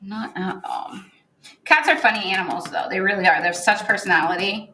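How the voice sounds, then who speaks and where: A woman's voice: medium pitch, lively intonation, fast, sharp tone, a little hiss or hum, poor audio. A woman co-hosting a crafting livestream, chatting casually and laughing as she works, full of "like" and "oh my gosh.". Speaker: co-host of a stenciling livestream. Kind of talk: casual chat while crafting.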